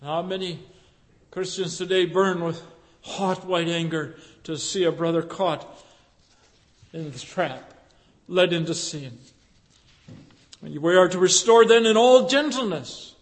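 A man preaching a sermon, fervent and emphatic, with pauses and fillers between phrases. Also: high voice. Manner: fervent, rising to loud emphatic passages. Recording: echoey hall with long reverb.

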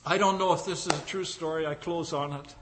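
High-voiced fervent male preacher. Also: steady tone, brisk, long reverb tail, noisy background. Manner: fervent, swings from loud cries to hushed lines. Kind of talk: sermon with closing prayer.

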